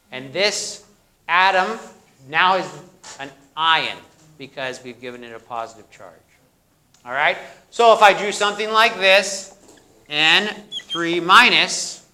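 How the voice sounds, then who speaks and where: Bright-voiced man lecturing a class. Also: fairly high pitch. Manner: questions the class and echoes their answers; jokey, plays up corny jokes. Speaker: university biochemistry lecturer. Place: lecture hall.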